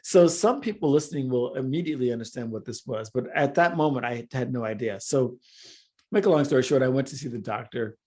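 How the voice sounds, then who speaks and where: A man speaking as a podcast guest, telling a story in an animated way and laughing often. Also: medium pitch, brisk, breathy edge. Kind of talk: casual interview storytelling.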